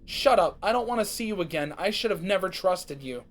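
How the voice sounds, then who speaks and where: A man voicing an excitable young female pony who turns bitter and scolding. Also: high voice, fairly quick, slight background noise. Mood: angry. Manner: bubbly, then sharply scolding.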